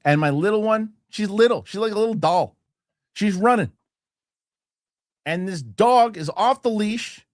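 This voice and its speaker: This time the forties-aged host sits high in pitch but unhurried, leaving long pauses as he animatedly tells a heated story, swearing and voicing the people involved. The studio-quality audio has no room sound.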